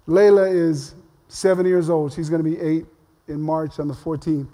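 An older man preaches in a relaxed, talkative way, slipping humor into his stories. His voice sits high for a man. The sound rings with the long echo of a big church hall. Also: normal speed. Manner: conversational, humorous storytelling. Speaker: pastor. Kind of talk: sermon. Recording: long reverb of a large hall.

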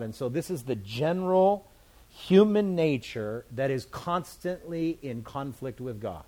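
A man's voice: medium pitch, expressive, measured pace. Man preaching with playful asides. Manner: conversational, plain-spoken preaching with playful asides. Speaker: pastor. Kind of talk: sermon.

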